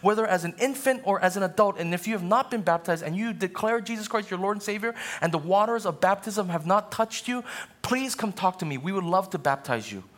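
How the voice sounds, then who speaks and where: Pastor swinging from soaring to hushed. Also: male voice, high voice, animated, a little fast. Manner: swings between soaring emphatic preaching and quiet conversational asides. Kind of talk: sermon. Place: church sanctuary.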